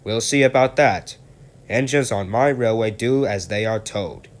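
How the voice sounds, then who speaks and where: A man's voice: fairly low pitch, a little slow, lightly acted. A man voicing a stern, portly male railway boss who speaks in a formal, clipped, commanding way.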